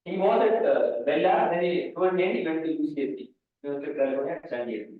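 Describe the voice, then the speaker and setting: A high-pitched man lectures on mathematics, wandering through anecdotes and restarting his sentences. He sounds distant from the microphone, with heavy echo in a large hall. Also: quick pace. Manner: rambling, restarts sentences, asides to students. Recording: echoey hall, far mic, phone-like band.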